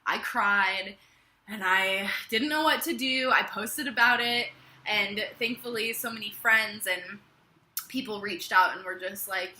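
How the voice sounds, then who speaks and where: A woman's voice: mid-range voice, unhurried, sharp tone, slight background noise. A young woman telling a personal story to the camera in a casual, chatty way, with lots of filler words. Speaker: vlogger. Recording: echoey room.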